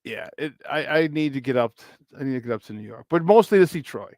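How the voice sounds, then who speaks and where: A man's voice: medium pitch, lively intonation, fast talker, a little mellow, no room sound, studio quality. A man in his fifties hosting a casual sports talk stream, greeting viewers in the chat, joking and laughing often. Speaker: sports talk show host.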